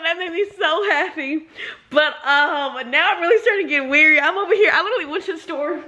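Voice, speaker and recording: Brief: young woman, book vlogger, hyped and slangy, laughs a lot, slightly high voice. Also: lively intonation, fast talker, pushed and bright. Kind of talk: casual reaction chat. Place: public place.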